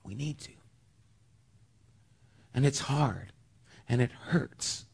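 A middle-aged man preaching a sermon, earnest, rising to loud emphasis and dropping to hushed near-whispers. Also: mid-range voice, expressive, slow pace, creaky, breathy edge. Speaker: pastor.

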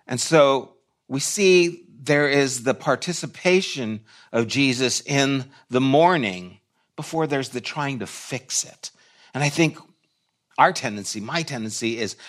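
A man's voice: medium pitch, animated, unhurried, fairly bright tone. A man preaching a sermon in a church, reflective and conversational, with short restarts. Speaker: pastor.

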